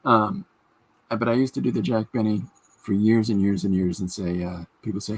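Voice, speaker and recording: Husky man chatting casually. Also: deep voice, steady tone, a little fast, pauses often, darkish tone. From Canada. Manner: chatty, rambling, reads out viewer comments. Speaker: podcast host. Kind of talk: casual livestream chat.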